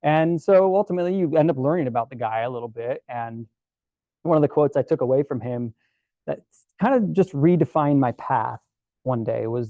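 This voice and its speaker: Mellow-voiced man giving a casual talk. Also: mid-range voice, brisk, dry recording, highs cut off. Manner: relaxed, chatty, many fillers and restarts. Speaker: guest presenter at a camera club. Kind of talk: casual storytelling presentation.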